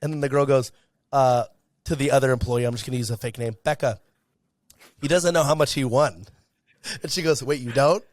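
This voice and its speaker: Young dude telling a story on a podcast, acts out all the lines, dry close sound. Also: male voice, medium pitch, brisk, pauses often, no echo. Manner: animated, acts out quoted dialogue. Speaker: guest, content creator. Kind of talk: storytelling in casual interview.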